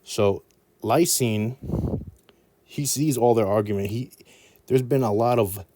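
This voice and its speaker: A man's voice: medium pitch, slow, warm tone, a little hiss or hum. A male anatomy teacher giving a playful mnemonic lesson, full of rambling asides.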